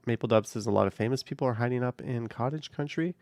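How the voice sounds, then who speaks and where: A man hosts a casual livestream from behind the wheel, reading viewer comments and answering in an offhand, rambling way. His voice has a gravelly edge and sits at an ordinary male pitch. The sound is dry, as if picked up inside a car. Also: fast talker, a little mellow, dry recording. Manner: offhand, rambling, hedges with "I don't know". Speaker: livestream host. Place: in a car while driving on a highway. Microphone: camera on a car mount.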